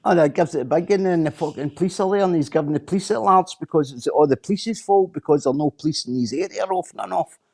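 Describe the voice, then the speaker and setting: A man's voice: on the high side, fast talker, vocal fry, darkish tone. A Scottish man in casual chat on a stream, blunt, sweary and repeating himself as he rants.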